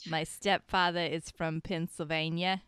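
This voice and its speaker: A woman's voice: low voice, level tone, unhurried, a bit bright, clear, resonant tone, dry recording, clean studio sound. Easygoing, chatty woman podcaster. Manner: easygoing, chatty, laughs easily. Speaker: podcast co-host. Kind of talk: casual chat.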